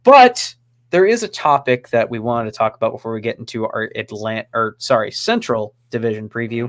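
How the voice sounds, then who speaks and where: Male host, animated pitch, easygoing, leads the banter. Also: a little fast. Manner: lively, steers the topics, joking. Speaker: podcast host. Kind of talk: casual chat.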